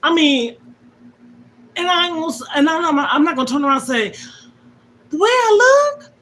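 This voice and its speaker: High-sitting and a bit bright, a middle-aged woman's voice races along as she hosts a livestream, with a little hiss or hum audible. She speaks emotionally and emphatically to viewers about her life, repeating her key points like a sermon.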